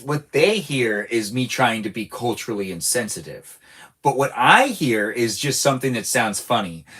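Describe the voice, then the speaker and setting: A man talks to his viewers during a game stream, rambling from joke to joke with playful energy. His voice sits at an ordinary middle pitch. Music plays clearly behind him throughout. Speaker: live streamer. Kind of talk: casual live-stream chat while gaming.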